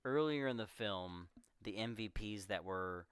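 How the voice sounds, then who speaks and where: A man co-hosting a podcast, recapping a movie in casual chat with animated storytelling. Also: lowish voice, unhurried, smooth, no room sound, clean studio sound. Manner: animated storytelling, jumps into quoting characters. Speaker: podcast co-host.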